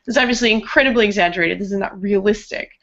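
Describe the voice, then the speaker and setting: A woman from Rhode Island talks in a chatty way, her New England accent mostly smoothed over. Her voice has a gravelly fry. The podcast audio is a little muffled. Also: medium pitch, very fast, a bit bright. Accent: softened New England. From Rhode Island, USA. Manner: chatty, laughs often, many fillers. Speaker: podcast guest. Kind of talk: casual chat.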